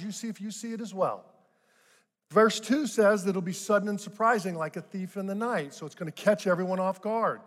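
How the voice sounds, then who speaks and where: An older male pastor delivers a sermon in a fairly high voice, talking to the congregation in a chatty way and pushing up into emphatic bursts on key points. His words ring out with a long reverb through a large church hall. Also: a bit bright. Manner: conversational preaching with rising emphatic bursts.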